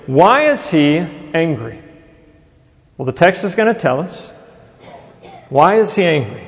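A male pastor delivers a sermon with a conversational touch, tossing rhetorical questions out to the pews. His voice sits a little high for a man. The sound rings out with a long reverb, like a spacious church sanctuary. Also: animated, unhurried, long pauses. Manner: conversational preaching, asks the congregation rhetorical questions. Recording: long reverb in a large hall.

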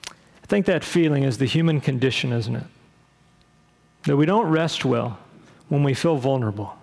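A middle-aged man preaching a sermon as pastor, earnest and unhurried, often pausing with fillers and restarting his sentences. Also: medium pitch, gravelly, a little mellow, in a large hall.

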